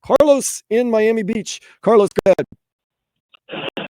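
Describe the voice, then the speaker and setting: A man's voice: high-pitched, takes it slowly, darkish tone, no room sound. A man from New Orleans hosting a call-in sports radio show, swinging between weary and fired up.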